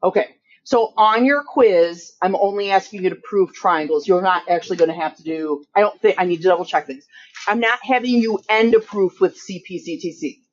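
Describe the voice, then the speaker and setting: A woman's voice: mid-range voice, a little fast. A woman teaching math to a class, chatty and joking, checking in with the students often. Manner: chatty, checks in with frequent "right?" and "okay?"; joking, self-mocking asides. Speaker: high school math teacher. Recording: distant dull classroom recording, faint noise.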